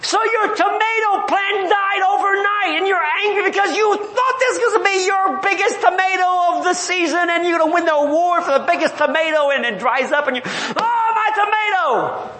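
High-voiced man preaching in an echoey hall. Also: a little fast, few pauses, sharp tone, a little hiss or hum. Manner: emphatic, rhetorical questions, chuckling asides. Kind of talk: sermon. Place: church or conference hall. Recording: echoey hall with faint ambience.

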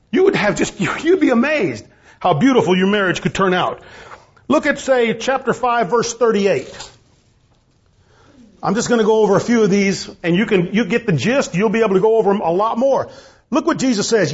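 A man's voice: high voice, slightly rough. A man preaching a sermon about marriage, reading King James scripture aloud and pressing his points with rising emphasis. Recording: dull, lo-fi sound.

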